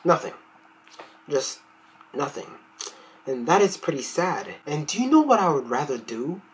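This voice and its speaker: A woman's voice: deep voice, big pitch swings, a little fast, faint music behind, rough recording. A woman critic delivering a blunt, profane rant in a video film review.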